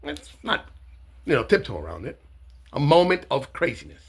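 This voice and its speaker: A man with a gravelly, husky voice talks slowly to camera in a sarcastic monologue. His pitch rises and falls a lot, and he pads his sentences with many filler sounds. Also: very animated. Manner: rambling, lots of uh and um, sarcastic. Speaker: commentator.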